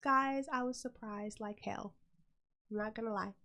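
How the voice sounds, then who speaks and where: A middle-aged woman hosting a show, telling a story in a lively, blunt and profane way. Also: fairly high pitch, moderate pace. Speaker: host. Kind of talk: casual storytelling chat.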